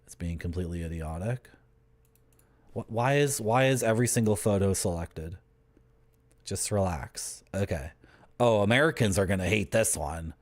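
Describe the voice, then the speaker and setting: A man's voice: sits low, moderate pace, long pauses. A young man, live-streaming and bantering with his chat in a joking, teasing, rambling way. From Canada.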